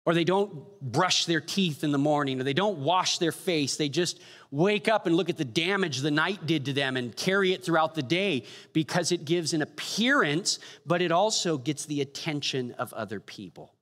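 A man preaching a sermon, telling stories with humor and quick asides. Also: fairly high pitch, expressive, fairly bright tone. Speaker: pastor. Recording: long hall reverb.

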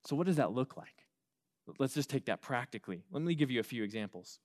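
A male pastor preaching a sermon, animated, with quick asides and frequent restarts. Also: mid-range voice.

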